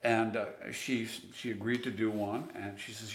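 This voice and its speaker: A man's voice: on the low side, flat delivery, measured pace, echoey room. A man being interviewed, telling chatty stories about his singing lessons and sometimes singing a line to show a point. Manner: chatty, sings phrases to demonstrate. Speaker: interview guest. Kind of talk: storytelling interview.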